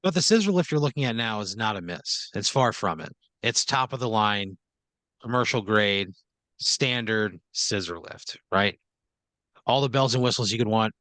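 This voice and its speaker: A man's voice: lowish voice, lively intonation, normal speed, bright, forceful tone, dry recording. A man hosting a comedy podcast and spinning an improvised story, rambling and filler-heavy, often checking in with "right?". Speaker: podcast host.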